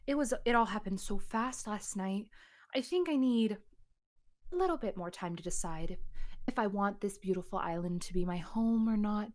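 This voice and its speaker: A woman's voice: mid-range voice, moderate pace, a little mellow, close to an everyday voice. A woman voicing a young sorceress who plays along politely while guarded. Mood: hesitant polite. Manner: polite and playfully hammy.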